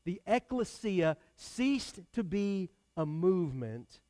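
A man's voice: high-pitched, sing-song, takes it slowly, darkish tone. A man preaching a sermon, talking directly with his congregation in a conversational way. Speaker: pastor.

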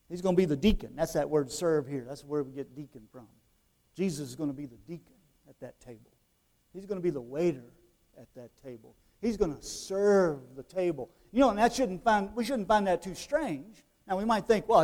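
This is a high-pitched man giving a chatty sermon. Rhetorical questions are aimed at the congregation, and his delivery moves from hushed, drawn-out phrasing to loud emphasis.

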